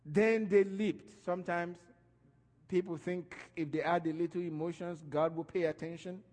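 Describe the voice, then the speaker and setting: A man preaching a sermon, animated and emphatic, his voice rising and falling as he stresses his points. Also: high voice, normal speed, big-room sound.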